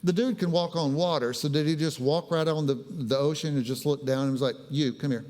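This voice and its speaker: Pastor, joking and chatty, slightly high voice, big reverberant church. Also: male voice, fairly quick, a little mellow. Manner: humorous, conversational preaching with playful paraphrases. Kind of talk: sermon. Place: church sanctuary.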